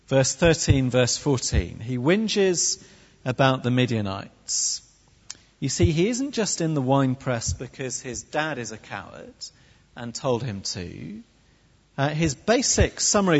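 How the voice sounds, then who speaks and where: A preacher gives a sermon with wry humour and a very lively, swooping pitch. His voice is a little husky and slightly high. It sounds dull and echoey, as if caught from the far side of a large hall. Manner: animated, wry, with comic put-on voices. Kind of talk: sermon with humorous asides.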